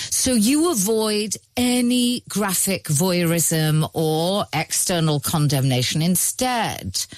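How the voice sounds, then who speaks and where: Lively-voiced woman interviewer, dry sound. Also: lowish voice, no room sound. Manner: articulate, with lively intonation. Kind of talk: prepared interview questions.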